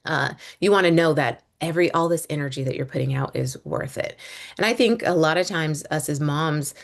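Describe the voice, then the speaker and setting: A woman in her thirties, a homeschooling mom and business coach, talking to listeners in a loose, rambling monologue with fillers and restarts. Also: low voice. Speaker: podcast host, business coach. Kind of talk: casual monologue.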